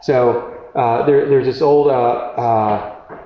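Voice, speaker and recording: A man preaching a sermon in a conversational way, often halting and restarting as he reads and comments on scripture. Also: medium pitch, steady tone, roomy sound, muffled recording. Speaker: pastor.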